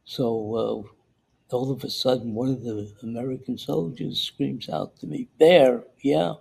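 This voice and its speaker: An older man recounting a wartime memory in an oral-history interview, halting and repeating himself, acting out the voices in his story. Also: medium pitch, gravelly, darkish tone, breathy edge, rough recording. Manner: halting, repeats words and acts out the dialogue he recalls.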